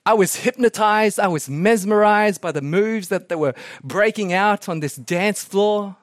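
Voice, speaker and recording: A man preaching a sermon as a pastor, telling animated stories with chuckling asides. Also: sits high, unhurried, no room sound, studio quality. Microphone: podcast recording.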